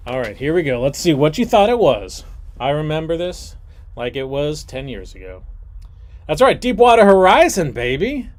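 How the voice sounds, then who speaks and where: Jokey male quiz host in his forties with a lively, bouncing delivery. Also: on the high side, normal speed. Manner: jokey, rambling asides, animated. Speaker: trivia game host. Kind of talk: livestreamed trivia hosting.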